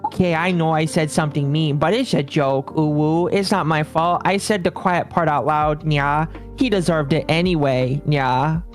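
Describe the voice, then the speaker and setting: A woman's voice: low-pitched, moderate pace, hardly any pauses, close to an everyday voice. A woman reading a chat message in the voice of a fake-innocent catgirl streamer, with music under. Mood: mock cutesy.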